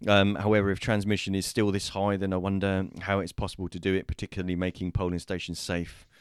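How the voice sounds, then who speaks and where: A man hosting a casual discussion show over a remote call, talking with many pauses, fillers and restarts. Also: low-pitched, monotone, smooth, dry recording, clean studio sound. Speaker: host.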